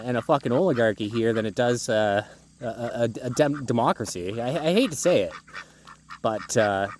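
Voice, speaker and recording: A small-scale poultry farmer from Ontario ranting angrily and profanely into a phone while walking his farm, out of breath. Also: a little high. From Ontario, Canada. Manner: heated, profane, rhetorical questions. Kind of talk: angry outdoor vlog rant. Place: outdoors on a farm among birds. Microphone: phone held one-handed. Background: faint farm ambience with ducks and fowl.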